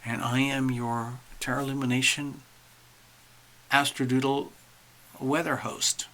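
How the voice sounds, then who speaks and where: A man's voice: mid-range voice, little pitch movement, measured pace, a bit bright, slight background noise. A man hosting a casual astrology livestream, chatting animatedly to viewers while drawing charts.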